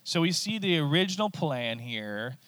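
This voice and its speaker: A man's voice: on the high side, very animated, moderate pace, fairly bright tone, no room sound. A middle-aged man preaching a teaching sermon in a conversational way, often checking in with his listeners.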